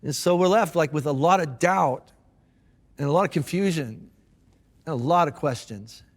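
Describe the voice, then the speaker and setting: A man's voice: on the high side, moderate pace, big-room sound. A man preaching a sermon as a pastor, telling the story in a casual, conversational way with frequent restarts. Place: church auditorium.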